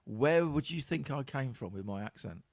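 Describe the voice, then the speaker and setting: A man's voice: mid-range voice, animated, normal speed, no room sound. A man with an East Midlands accent, hosting a podcast in casual, laughing chat. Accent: East Midlands English. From Middle England. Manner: chatty, laughs often, swears casually. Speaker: podcast host.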